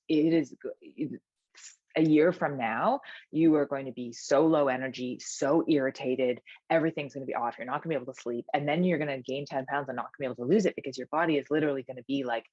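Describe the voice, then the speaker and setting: A woman's voice: rumbling low, breathy edge, dry recording, lo-fi sound. A woman personal trainer talking energetically as a podcast guest, emphatic and full of "like" fillers and restarts. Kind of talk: conversational podcast interview.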